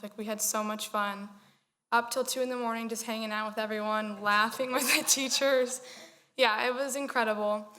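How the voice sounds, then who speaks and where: A woman's voice: mid-range voice, fairly bright tone. A teenage girl giving a student report at a school board meeting, chatty and enthusiastic, with frequent "like". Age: teens. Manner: chatty, enthusiastic, says "like" often. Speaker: student representative.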